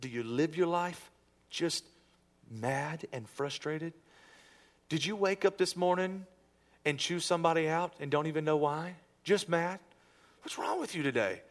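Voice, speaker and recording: Male pastor, sermon delivery, higher-pitched voice, relaxed and joking with the congregation. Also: unhurried. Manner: conversational preaching with jokes and acted-out asides. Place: church sanctuary with congregation.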